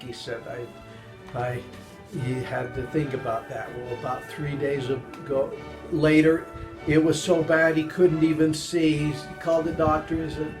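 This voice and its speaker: Older male joke teller, halting, restarts a lot, high squeaky character voices, faint music bed. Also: low-quality recording. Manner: animated, jumps high in pitch for voices in the jokes. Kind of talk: casual joke telling.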